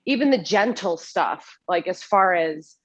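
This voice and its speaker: A woman's voice: lowish voice, lively intonation, measured pace, fairly bright tone, dry recording, lo-fi sound. A woman on a video call, talking in a rambling, apologetic way with lots of restarts, getting emotional. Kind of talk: emotional casual conversation. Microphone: computer mic on a video call.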